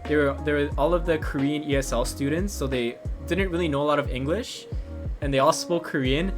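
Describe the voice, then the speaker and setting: A young adult streamer casually telling a story while crafting at home, animated and laughing, with plenty of swearing and filler words. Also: mid-range voice, fairly quick, over music.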